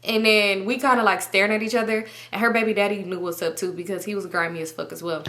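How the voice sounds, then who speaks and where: A woman's voice: mid-range voice, steady tone, fast, fairly bright tone. A young woman vlogger telling a rambling, slangy, profane story in a casual way and acting out what everyone said.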